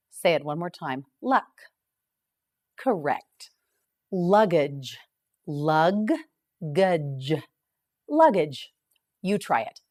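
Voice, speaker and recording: A woman teaching English vocabulary, reading each word slowly and clearly and asking the learner to repeat it. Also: lowish voice, darkish tone. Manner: slow, clearly enunciated repetition. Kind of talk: slow scripted vocabulary drill.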